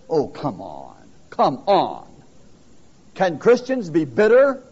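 Man preaching, high voice that leaps all over, emphatic, muffled old recording. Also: a little mellow, breathy edge. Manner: emphatic, calls out questions to the congregation. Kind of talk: sermon. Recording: dull lo-fi sermon recording.

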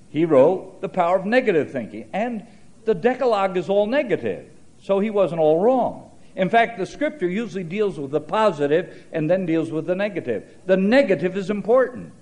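A man with a fairly high-pitched voice preaches a sermon, blending scripture with folksy stories and dry humor. He shifts his pace and loudness for emphasis.

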